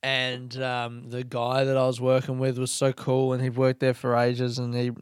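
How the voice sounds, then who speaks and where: A man's voice: medium pitch, monotone, moderate pace, clean tone, no room sound, clean studio sound. A young man talking in a rambling, self-deprecating casual monologue, swearing freely.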